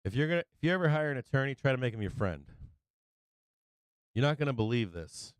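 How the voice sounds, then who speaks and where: A man's voice: medium pitch, very animated, quick pace, smooth, no room sound. A man hosting a live stream who tells stories in a loose, rambling, profane way, restarting sentences and laughing as he goes. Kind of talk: casual rambling storytelling.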